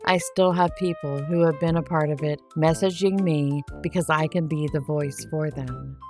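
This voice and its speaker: A woman's voice: sits low, moderate pace, a little mellow, soft background music. A woman hosting a true crime podcast, talking in a sarcastic, defiant monologue. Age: adult, married. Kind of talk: monologue to camera.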